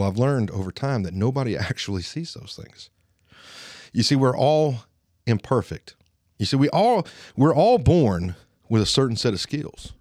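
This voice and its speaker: A man in his late thirties from Alabama, with a Southern twang, giving an earnest, slow motivational monologue as a podcast host, pausing for emphasis. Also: fairly low pitch, a little mellow, dry recording, studio quality. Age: 30s.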